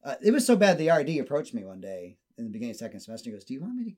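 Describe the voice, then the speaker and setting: A man in the middle of a loose, casual chat, telling a story with plenty of swearing. His voice sits at an ordinary middle pitch. He acts out the quoted lines as he goes. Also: rapid-fire. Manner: profane, animated storyteller who acts out quotes.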